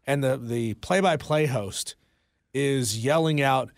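A man's voice: medium pitch, slow pace, vocal fry, no room sound. A man co-hosting a sports talk radio show in a studio, opinionated and teasing. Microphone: studio microphone.

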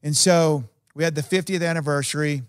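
A television producer appears as a guest in a casual interview, telling rambling anecdotes animatedly and voicing the people he quotes. His voice is a little high, a little fast and smooth, recorded at studio quality with no echo.

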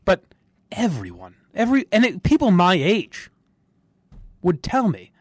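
A man's voice: high voice, a little slow, long pauses, slightly rough, dry recording. Sports talk guy, rambly, laughs a lot, goes up and down all over the place. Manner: rambling, animated, laughs often, restarts sentences. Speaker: sports radio podcast host. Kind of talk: casual opinionated chat.

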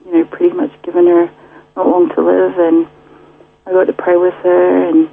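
Woman, husky voice, tinny phone line, chatty testimony, lots of fillers. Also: fairly low pitch, monotone, normal speed. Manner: chatty, laughs often, many fillers. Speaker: guest. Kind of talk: casual testimony.

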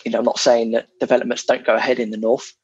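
A man's voice: mid-range voice, flat delivery, quick pace, darkish tone, breathy edge, no room sound, highs cut off. A man from England chatting casually as a property investor guest, frank and self-deprecating, with plenty of fillers. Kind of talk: casual podcast chat.

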